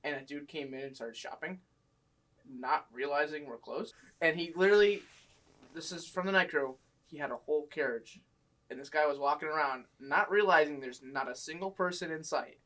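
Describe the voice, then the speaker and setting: A man's voice: on the high side, normal speed, a bit bright, poor audio. A young man casually telling work stories, acting out a boss and customers in a raised voice. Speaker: storyteller guest. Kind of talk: casual chat.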